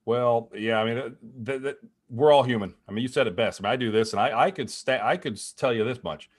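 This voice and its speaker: A man talking at a quick clip as a guest strategist on a video call. He explains with lots of energy, trips over his own restarts, and slips into quick acted-out quotes. His pitch sits right in the middle. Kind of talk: animated conversational explanation.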